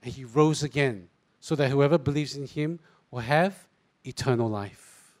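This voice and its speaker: A middle-aged pastor with a Singaporean English accent, preaching a sermon and acting out quoted voices. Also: male voice, medium pitch, a little slow. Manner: animated, mimics voices in asides.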